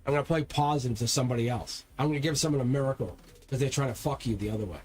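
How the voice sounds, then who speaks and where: During a live-stream tarot reading, a man addresses viewers directly, rambling, repeating words, restarting, and swearing when he gets heated. His mid-range voice is very fast and a little mellow, with a faint hiss or hum.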